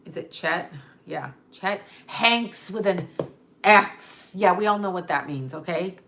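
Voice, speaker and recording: A woman's voice: on the low side, slow pace, fairly bright tone, slight background noise. A woman hosting a casual livestream, rambling and chatty in a conspiratorial way. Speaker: livestream host.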